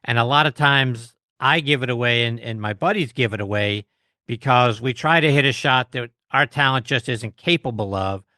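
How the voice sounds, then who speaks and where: Bright-voiced male podcast host. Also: mid-range voice, moderate pace, no room sound, studio quality. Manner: casual, self-deprecating, restarts often. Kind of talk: casual interview chat.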